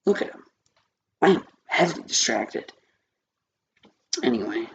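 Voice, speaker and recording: Scratchy-voiced man, casual movie reviewer, wanders off topic, profane, gravelly fry, middle pitch. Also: expressive, unhurried, a bit bright. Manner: rambling, easily distracted, swears often.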